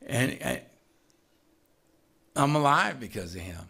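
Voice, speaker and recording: A man's voice: mid-range voice, sing-song, slow, gravelly, bright, forceful tone, slightly rough. A middle-aged man telling his own recovery story at a meeting, with wry, self-mocking humor and grumbling asides.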